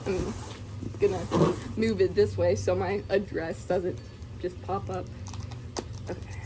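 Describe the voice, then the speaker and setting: A woman's voice: fairly low pitch, little pitch movement, slow pace, heavy background noise. A young woman vlogging casually, giggling and gushing with many fillers as she unboxes something.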